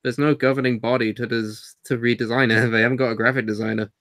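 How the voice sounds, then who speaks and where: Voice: mid-range voice, steady tone, quick pace, fairly bright tone. A co-host joking in a casual wrestling chat, with teasing, sarcastic banter. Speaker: podcast co-host.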